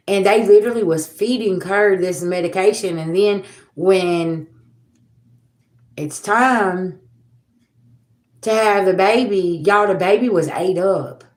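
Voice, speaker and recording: Casting: woman, 40s, low voice, blunt and preachy livestream host, profane, roomy echo. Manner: blunt, profane and preachy, addresses viewers as y'all. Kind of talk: casual livestream talk.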